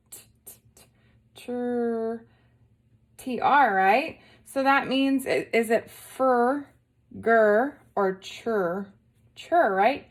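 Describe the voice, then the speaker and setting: A young woman teaching a lesson to young children, patiently sounding out letters and asking simple questions. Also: a little high. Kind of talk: early-grade lesson video.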